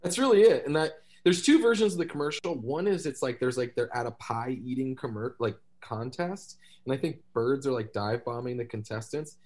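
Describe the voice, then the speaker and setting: A man's voice: medium pitch, brisk, few pauses, a little mellow. A man with an ordinary mid-range voice chats as a podcast guest. He tells his stories in a loose, scattered way and laughs often. He breaks in with small sound imitations as he goes. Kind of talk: casual podcast chat.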